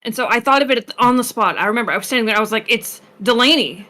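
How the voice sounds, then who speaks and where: A woman guest in a casual chat, telling animated stories and laughing easily. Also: on the high side, rapid-fire. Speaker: guest roleplayer.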